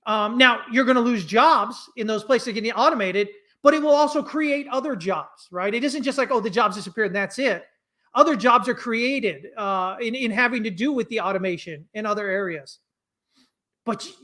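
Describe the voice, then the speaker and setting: A man's voice: very high-pitched, bright, forceful tone. An American man giving casual trading commentary in a blunt, ranting way, loose and conversational, full of fillers and restarts. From United States. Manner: blunt, ranting, quick to anger.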